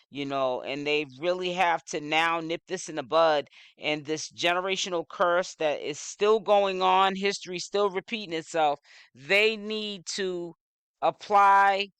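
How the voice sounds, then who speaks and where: Bright, clear-voiced man commenting. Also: on the high side, no room sound. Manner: rambling, leans on "you know". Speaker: social media news commentator. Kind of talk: casual commentary.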